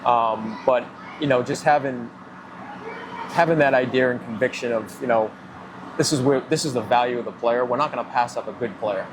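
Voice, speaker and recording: Man, Boston accent, football executive, measured and businesslike, mid-range pitch, noisy live remote. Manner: measured, businesslike, frequent "you know" fillers. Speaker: football general manager. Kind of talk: radio interview answers.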